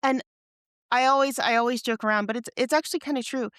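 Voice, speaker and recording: A woman co-hosting a podcast, chatting casually, excitable and rambling, laughing often. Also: a little high, quick pace, smooth, dry recording, studio quality. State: tired. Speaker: podcast co-host. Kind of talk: casual chat.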